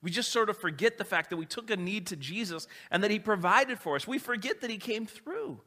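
High, bright-voiced preaching man. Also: fairly quick. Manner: animated, conversational preaching. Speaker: pastor. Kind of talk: sermon.

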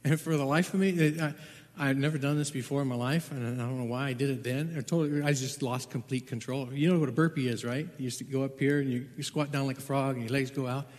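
A man telling a personal testimony as a Bible translator, halting and repeating words, then growing urgent and loud at the tense parts. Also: mid-range voice, steady tone, long reverb tail.

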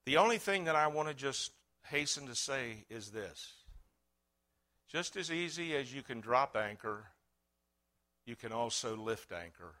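A middle-aged man preaching a sermon, swinging between loud fervent cries and quiet earnest talk. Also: mid-range voice, lively intonation, measured pace. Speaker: pastor.

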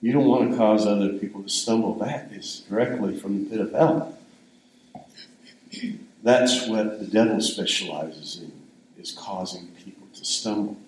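A man's voice: lowish voice, moderate pace, darkish tone, echoey room, slight background noise, low-quality recording. An older man giving a sermon in a conversational, rambling storytelling way. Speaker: pastor.

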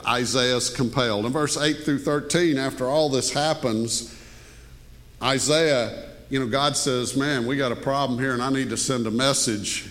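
Man preaching in a reverberant hall. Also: medium pitch. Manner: conversational preaching, swinging between hushed asides and raised emphasis. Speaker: pastor. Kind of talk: sermon. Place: church sanctuary.

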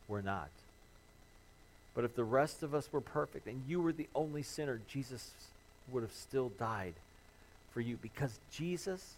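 A man's voice: mid-range voice, rough recording. A man preaching a sermon as pastor, earnest and building to impassioned emphasis, acting out the pleas of troubled listeners. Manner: voices imagined worshippers' pleas.

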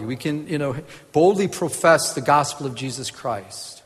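Casual male Bible teacher, lively, stumbles and laughs, mid-pitch, echoing hall. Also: normal speed. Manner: animated, laughs at his own jokes, many restarts. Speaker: preacher.

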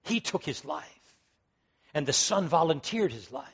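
A man's voice: a little high, sing-song, unhurried, gravelly, husky, dull audio. A man preaching a sermon, emphatic and fervent, repeating key words as he builds to strong peaks. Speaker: pastor.

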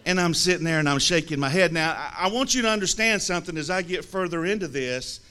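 A man from the American South, telling a humorous story to an audience in a lively, teasing way with comic pauses. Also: a little high, clear, resonant tone. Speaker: speaker telling a story about a friend.

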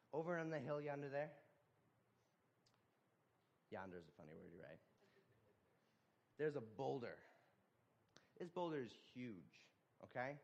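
A man preaching a sermon, telling a folksy story with casual asides. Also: mid-range voice.

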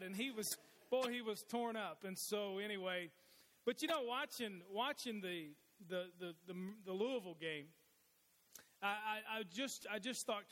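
A man's voice: sits high, a little slow, long pauses, a bit bright, slight background noise. A middle-aged man preaching a sermon as pastor, telling folksy stories with frequent restarts. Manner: folksy storytelling with many restarts. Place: church sanctuary. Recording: long reverb of a large hall.

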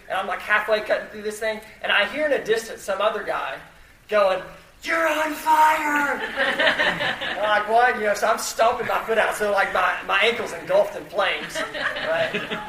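A man's voice: sits high, fairly quick, pushed and bright. A man telling a self-deprecating personal story to an audience in a chatty way, full of fillers and restarts. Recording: echoey room, mic at a distance, faint noise.

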